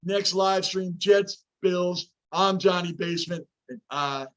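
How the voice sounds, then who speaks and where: A man hosting a sports fan livestream, hoarse, talking energetically and directly to his chat. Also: high-pitched, slow pace, low-quality recording. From New York. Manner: energetic, hyped, talks straight to chat. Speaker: livestream host. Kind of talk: casual livestream chat with viewers.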